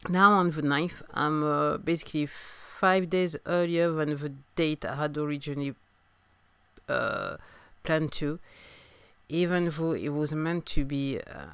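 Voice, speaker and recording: Her voice sits low, smooth and fairly bright, delivered at a measured pace in a dry recording. She's a French-accented woman from France, a singer-songwriter hosting a casual solo podcast, who coughs and speaks haltingly with many fillers and restarts while recovering from a sore throat.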